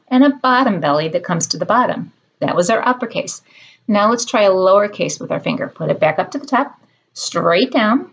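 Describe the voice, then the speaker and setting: A young woman teaching preschoolers at circle time, drawing out words in a slow, sing-song way. Her voice has a slight husky grain. The audio sounds a little muffled, like a home video recording. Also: on the low side. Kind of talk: children's lesson, circle time.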